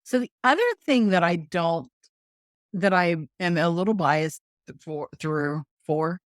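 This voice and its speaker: Frank woman host with a very low voice. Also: a little slow, no echo, clean studio sound. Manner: frank and opinionated. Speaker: podcast host. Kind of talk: casual podcast conversation.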